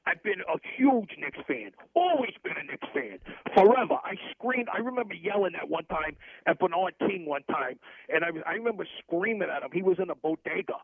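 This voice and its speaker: A man puts on a brash, shady middle-aged hustler with a thick North Jersey accent. His voice is raspy and gravelly, a little high for a man, and he rambles through one boast and hard sell after another. It comes over a tinny, dry phone line. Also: expressive, fairly quick, no room sound, exaggerated voice. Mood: boastful. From New Jersey. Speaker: comic caller character. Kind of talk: comedic sports radio bit.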